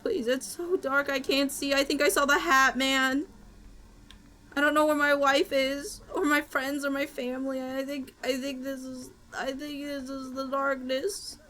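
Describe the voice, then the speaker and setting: A woman's voice: high-pitched, little pitch movement, unhurried, bright, forceful tone. A woman streaming gameplay with friends, talking in a dramatic, playful way and breaking into mock-panicked shrieks and wails.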